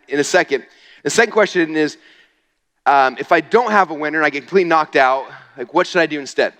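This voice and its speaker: A man speaks quickly and keenly from a stage, with a high voice and a casual, chatty way of pressing his points. He keeps asking the crowd "okay?" as he goes. The sound trails off in the long reverb of a big hall. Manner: energetic, casual, says "okay?" often. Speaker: speaker at a marketing event. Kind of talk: live stage presentation.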